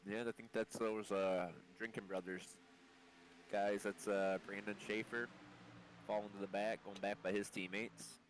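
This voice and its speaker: Deep-voiced guy calling a race, kinda sick and muffled, faint noise behind. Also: level tone, unhurried. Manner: reads a long lineup, stumbling on names. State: under the weather, muffled voice. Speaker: race commentator. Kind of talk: live sim racing commentary.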